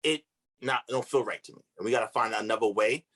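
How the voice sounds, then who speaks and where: A man's voice: medium pitch, fast talker, fairly bright tone. A man, a relationship coach, giving earnest advice in casual podcast chat with everyday slang.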